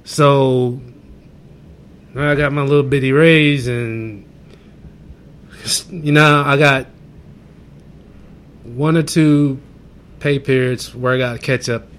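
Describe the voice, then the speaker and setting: A man co-hosting a podcast, talking in a casual, unhurried way and venting his frustrations with plenty of fillers. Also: medium pitch, steady tone, a bit bright, clear, resonant tone. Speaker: podcast co-host. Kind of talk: casual chat.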